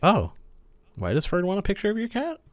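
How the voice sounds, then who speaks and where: A man's voice: high-pitched, huge pitch swings, brisk, no echo, clean studio sound. A man co-hosting a casual podcast chat, laid-back and rambling, swearing casually. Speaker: podcast co-host.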